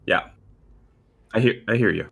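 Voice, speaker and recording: Deep-voiced man running a tabletop game. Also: creaky. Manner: relaxed, halting, many fillers. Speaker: game master.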